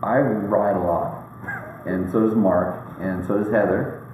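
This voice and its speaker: A man's voice: on the low side, steady tone, a little slow, darkish tone. A man hosting a casual chat, rambling and joking with lots of fillers and restarts. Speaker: host. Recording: very echoey room, faint background noise.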